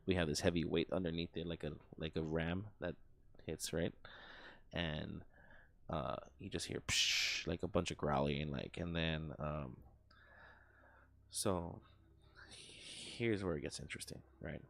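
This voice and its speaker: A man's voice: extremely low pitch, fairly even intonation, unhurried, gravelly, long pauses, a bit bright, no echo. A young man streaming live, telling a story in a rambling, profane way, full of fillers and sound effects.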